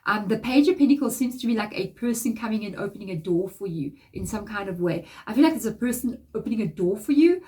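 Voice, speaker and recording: A woman with a stuffy, blocked nose and a plainly nasal sound, reading tarot cards for her viewers. She talks in a chatty, encouraging way, with loose, rambling sentences. Her pitch sits in an ordinary middle range. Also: animated, quick pace, few pauses, warm tone. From Africa. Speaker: tarot reader. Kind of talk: casual tarot card reading.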